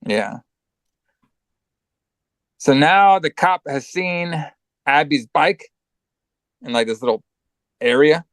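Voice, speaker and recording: Podcast dude retelling a horror movie, cussing a lot, kinda high voice, dry mic. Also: male voice, expressive, takes it slowly, long pauses, a bit bright, no echo. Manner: rambling, swearing, acting out movie lines. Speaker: podcast co-host. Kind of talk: casual movie recap chat.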